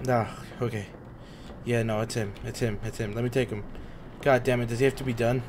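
Young male streamer, mid-pitched, jumpy horror-game chatter full of slang and swearing. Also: a little fast, long pauses, a little hiss or hum. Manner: excitable, swearing, talks to the screen with slang. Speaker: gaming streamer. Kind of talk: casual horror game commentary.

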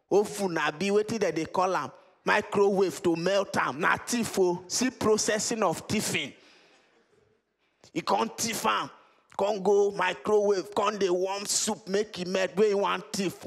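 A man telling a comic story in Nigerian Pidgin, animated and laughing as he acts out the scenes. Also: sits high, measured pace, gravelly. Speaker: stand-up comedian.

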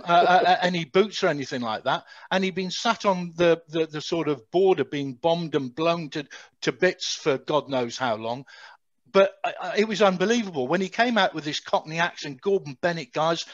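A man's voice: sits high, normal speed, dry recording. A middle-aged man, an army veteran, telling an anecdote eagerly with stumbling restarts over a video call. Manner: animated storyteller, stumbling restarts. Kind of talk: recounting war memories on a video call. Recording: dry, lo-fi video call audio.

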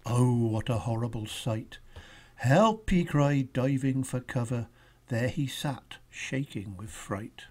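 A storybook reader narrating a children's picture book aloud in a warm, expressive way. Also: mid-range voice, unhurried. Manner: expressive, lingering.

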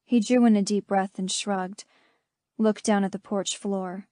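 A woman narrates an audiobook at a measured, steady pace. Her voice is warm and mellow, recorded dry and close with no room sound. Her pitch sits in a middle range. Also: no echo. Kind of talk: scripted first-person narration.

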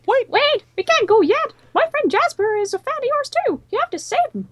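A woman voicing a panicked young woman in a video game, pleading in a shrill, urgent voice. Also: big pitch swings, a little fast, no echo. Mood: frantic pleading.

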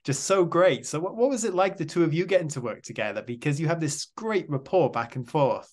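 A man's voice: fairly high pitch, animated, fairly quick, a little mellow. A man interviewing a guest, enthusiastic and complimentary, asking long multi-part questions.

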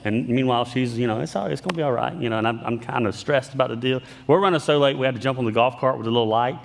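A man's voice: medium pitch, steady tone, fast talker, slight background noise. A male pastor in a reverberant hall. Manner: conversational, self-deprecating humor, frequent restarts. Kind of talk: sermon with storytelling. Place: church sanctuary.

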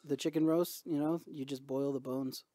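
A man's voice: mid-range voice, fairly even intonation, normal speed, dark tone, dry recording, studio quality. A man co-hosting a podcast in casual, profane, joking banter. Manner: profane, joking, puts on mocking voices. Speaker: podcast co-host.

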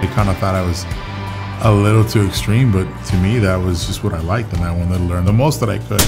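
A man's voice: low-pitched, steady tone, brisk, vocal fry. Young man telling his story over music. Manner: casual, lots of filler words, acts out quotes. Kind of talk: personal storytelling in a documentary. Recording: music playing underneath.

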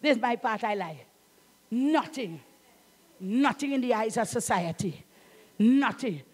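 A middle-aged woman pastor with a Trinidadian accent, preaching a sermon in an emphatic, fervent way, calling out to the congregation and breaking into shouts. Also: on the high side, animated, unhurried, slightly rough.

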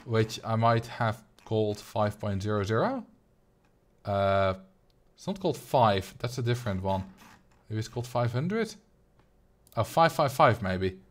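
A man's voice: fairly low pitch, sing-song, a little slow, pauses often. A young man from the Netherlands with a Dutch accent, chatting loosely on a livestream and answering his chat as he plays. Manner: rambling, reads chat aloud and answers. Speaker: streamer.

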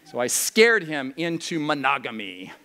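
A male pastor preaching to a youth camp. He moves between slow, solemn scripture reading and quick, joking asides. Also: medium pitch, sing-song, pushed and bright, a faint crowd, a little hiss or hum. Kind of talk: sermon to a youth camp crowd.

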